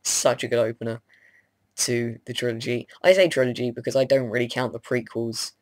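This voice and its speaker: Young man vlogging, groggy and rambling, mid-pitch voice, dry close sound. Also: level tone, a little fast, no room sound. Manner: rambling, hesitant with many ums, self-deprecating. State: groggy, just woken up. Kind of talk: casual rambling chat to camera.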